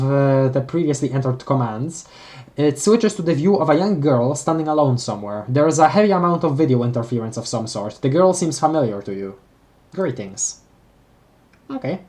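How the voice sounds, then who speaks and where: A streamer with a medium-pitched, slightly mellow voice reads a webcomic aloud during a live read-along. They often trip over words and restart, gasping and reacting emotionally as they go.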